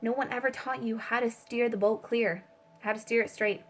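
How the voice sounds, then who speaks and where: A woman's voice: on the high side, steady tone, moderate pace, faint music behind. A woman giving a casual spiritual tarot reading, rambling with many fillers and swearing freely. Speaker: tarot reader.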